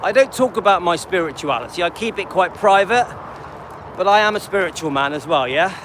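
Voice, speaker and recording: Expressive and fairly quick, a high-pitched man in his late fifties chats loosely on a livestream as he walks his dog, talking to viewers by name. Background noise can be heard.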